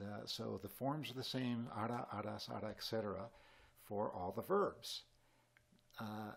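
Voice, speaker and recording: A man teaching a Spanish grammar lesson in at a whiteboard, explaining in a relaxed, chatty way with small asides. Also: fairly low pitch, gravelly, husky.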